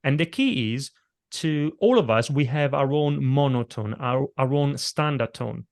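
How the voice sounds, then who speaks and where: In a conversational podcast interview, a middle-aged man who coaches presentations explains delivery methods and demonstrates vocal techniques as he goes. He speaks a little slowly in a medium-pitched, gravelly, darkish voice with lively intonation.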